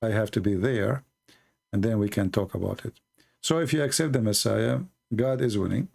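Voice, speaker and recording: A man explaining his faith to a caller in a slow, deliberate, preaching manner. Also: fairly low pitch, vocal fry, darkish tone. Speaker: Christian apologist answering a caller. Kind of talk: earnest religious explanation.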